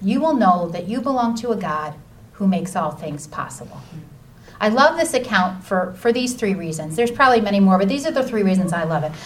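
A woman teaching a lively Bible lesson to children, chatty and enthusiastic, reading scripture aloud. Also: mid-range voice, a little fast. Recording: distant mic with faint noise.

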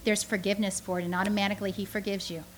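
A woman giving a lively, conversational sermon to a church audience, full of rhetorical questions and asides. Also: medium pitch, very fast, a little hiss or hum. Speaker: speaker teaching a church audience.

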